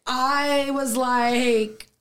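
A woman guest telling an emotional personal story in an animated way, acting out the voices of people in it and laughing often. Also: sits high, very slow, a little hiss or hum. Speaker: podcast guest.

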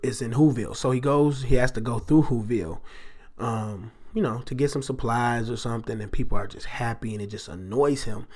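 A man hosting a podcast, telling a story in a casual, animated way and jumping into exaggerated voices for the people in it. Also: medium pitch, a little fast. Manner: animated, jumps into exaggerated character voices and back. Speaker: podcast host.

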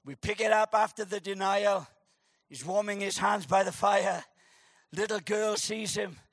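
Male pastor, high bright voice, joking sermon delivery with shouted emphasis. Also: unhurried, no echo, studio quality.

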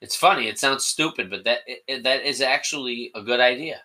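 A man's voice: mid-range voice, brisk, sharp tone, low-quality recording. A man hosting his own solo podcast, talking casually in a rambling, self-deprecating way with frequent restarts. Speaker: podcast host.

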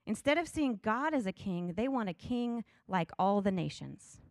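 A woman's voice: medium pitch, big pitch swings, moderate pace, dry recording, studio quality. A middle-aged woman teaching a Bible study in an earnest, conversational way, reading scripture passages aloud.

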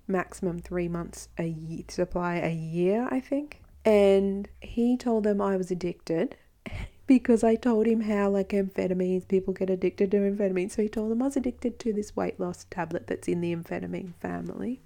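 A woman hosting a podcast, telling her own story in a frank, earnest monologue with quick asides. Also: mid-range voice, vocal fry, warm tone. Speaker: podcast host.

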